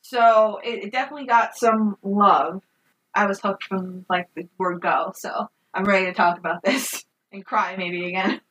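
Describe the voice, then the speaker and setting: A woman co-hosting a casual film review podcast, animated and swearing freely. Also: mid-range voice, moderate pace, distant mic. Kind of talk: casual chat.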